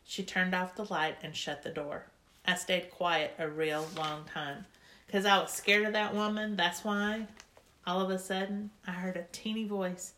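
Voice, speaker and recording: A woman's voice: lowish voice, fairly even intonation, moderate pace, sharp tone. A woman narrating a children's story in a chatty, childlike first-person voice. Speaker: audiobook reader.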